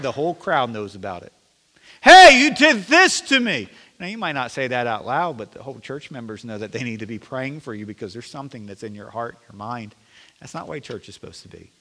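Male pastor, bright tone, earnest sermon delivery with dry humor, reverberant sanctuary. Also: mid-range voice. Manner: earnest preaching with self-deprecating jokes. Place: church sanctuary. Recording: long reverb of a church sanctuary.

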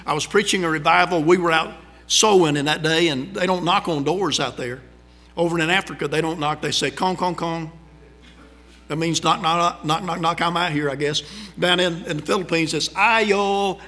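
A middle-aged man with a drawl preaches in a folksy, conversational way, spinning stories from the pulpit. His voice is bright and forceful, sitting a little high for a man. It rings out with a long hall reverb. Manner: folksy, conversational, animated storytelling. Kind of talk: storytelling sermon.

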